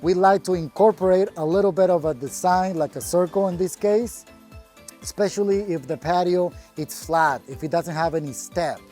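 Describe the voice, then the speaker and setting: Upbeat contractor touring a backyard. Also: male voice, sits high, normal speed, warm tone, soft background music. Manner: upbeat, plainspoken, proud of the work. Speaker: landscaping contractor. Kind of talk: casual project walkthrough. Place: outdoors in a backyard patio.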